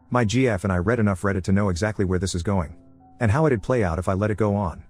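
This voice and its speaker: Man, story narrator, rapid delivery, husky lowish voice, blunt. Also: a little mellow, faint music behind. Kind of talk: reading a first-person reddit story.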